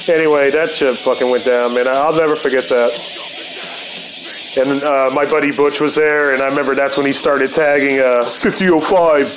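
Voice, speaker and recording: A man in his fifties spins a loose, profanity-laced yarn in a relaxed, unhurried way, peppering it with "man" and "dude". Guitar music plays clearly behind him. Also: mid-range voice, poor audio. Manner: profane, laid-back, heavy swearing with fillers like "man" and "dude". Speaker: storyteller. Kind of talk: rambling personal storytelling. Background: guitar music playing.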